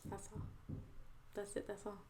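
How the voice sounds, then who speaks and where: Unhurried and monotone, a woman's mid-range voice comes through with background noise as she addresses her channel's viewers. A host and poet, she speaks in a casual, chatty vlog monologue that is earnest and reflective.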